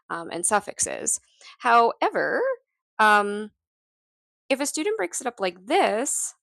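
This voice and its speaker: A woman explains reading concepts in a relaxed, informal teaching voice, full of ums and quick self-corrections. Her pitch sits in the middle range for a woman, and the recording is dry and close. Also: dry recording. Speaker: literacy teacher. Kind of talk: casual recorded teaching walkthrough.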